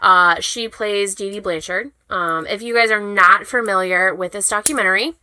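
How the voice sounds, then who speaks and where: A woman's voice: medium pitch, moderate pace, pushed and bright, a little hiss or hum, low-quality recording. A woman co-hosting a casual chat podcast, rambling, swearing casually and tripping over words. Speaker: podcast co-host.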